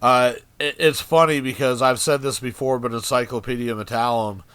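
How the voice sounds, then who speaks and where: A man's voice: medium pitch, fairly even intonation, normal speed, a bit bright, clean tone, no room sound. A man co-hosting a podcast, talking casually and profanely with lots of fillers. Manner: laid-back, profane, filler-heavy. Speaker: podcast co-host. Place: studio.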